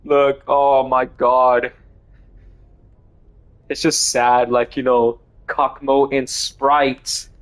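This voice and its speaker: A man streaming a video game live, reacting excitably, swearing and shouting. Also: mid-range voice, extremely slow, pauses often. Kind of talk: live gaming stream commentary.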